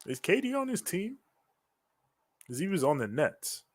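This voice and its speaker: With a high, sing-song voice and a slightly slow delivery, this wrestling reaction co-host rambles through casual talk at home. He swears without restraint and laughs a lot during the live stream. The recording is dry.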